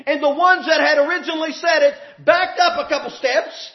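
A man preaching a sermon, impassioned and shouting at times, drawing out emphatic phrases. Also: very high voice, steady tone, brisk, hardly any pauses. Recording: echoey, dull hall recording.

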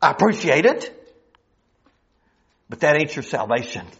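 A man's voice: fairly high pitch, sing-song, measured pace, creaky, fairly bright tone. A man preaching a sermon, emphatic and full of rhetorical questions, on a dull lo-fi recording.

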